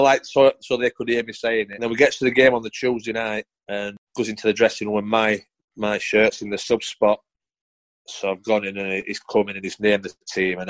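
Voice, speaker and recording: A man's voice: medium pitch, no room sound, poor audio. Sweary man telling stories. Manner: sweary, blunt, animated. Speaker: former footballer guest. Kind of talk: casual anecdotal storytelling.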